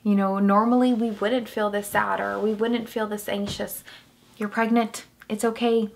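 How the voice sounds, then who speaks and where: A young woman talks straight to the camera in a casual personal vlog. She rambles, restarts her sentences and speaks candidly. Her voice sits at a middle pitch. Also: little pitch movement, normal speed, gravelly. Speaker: vlogger.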